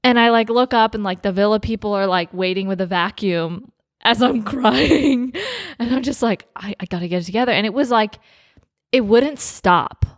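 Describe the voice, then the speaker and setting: A woman's voice: medium pitch, normal speed, no room sound, clean studio sound. A young woman co-hosting a podcast, telling a story in casual chat with lots of "like" fillers and laughs. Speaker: podcast co-host telling her wedding story.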